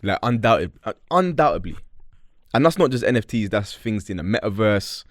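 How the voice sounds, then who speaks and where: A man's voice: lowish voice, sing-song, moderate pace, dry recording, clean studio sound. Laid-back young man on a podcast. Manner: laid-back, teasing, calls his friend bro. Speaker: podcast co-host. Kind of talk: casual chat.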